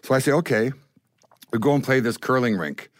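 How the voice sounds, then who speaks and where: Older canadian guy, lively storyteller doing all the voices, dry close sound. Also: medium pitch, brisk, no room sound. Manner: acts out voices in his stories. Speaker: guest musician. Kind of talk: animated storytelling.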